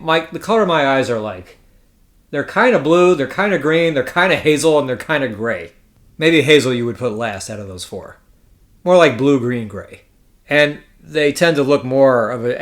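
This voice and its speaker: A man's voice: medium pitch, fairly bright tone. A young adult man hosting a casual solo podcast, telling a story in a sardonic, profane, rambling way and correcting himself as he goes. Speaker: poker podcast host.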